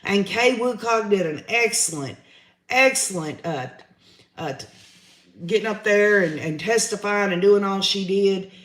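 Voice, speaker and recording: A man's voice: high voice, unhurried, a bit bright, echoey room. A man, hosting a livestream, giving his opinions in a chatty way and reading out viewer comments. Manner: chatty, opinionated, says y'all often. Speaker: livestream host reading chat.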